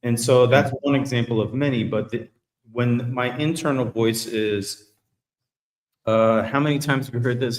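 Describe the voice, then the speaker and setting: A man's voice: medium pitch, moderate pace. Blunt, reflective man in a roomy space. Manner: blunt, swears freely, reflective. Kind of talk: candid podcast conversation. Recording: roomy echo.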